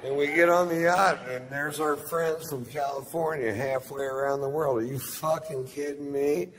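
A man's voice: a little high, fairly even intonation, moderate pace, a crowd in the background. A middle-aged man doing stand-up comedy, telling a profane story in a drawling, rambling way from a theater stage. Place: large theater stage with audience. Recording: live theater recording with long reverb.

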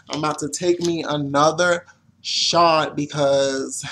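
A man's voice: fairly high pitch, takes it slowly, pauses often, fairly bright tone, slight background noise. A young man venting to camera in an exasperated, profane rant, complaining as a vlogger. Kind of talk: ranting to camera.

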